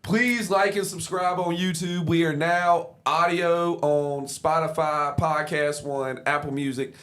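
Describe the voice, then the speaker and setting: A man co-hosting a casual podcast, loud and laughing, swearing freely as he wraps up the show. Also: fairly high pitch, fairly even intonation, unhurried. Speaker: podcast co-host.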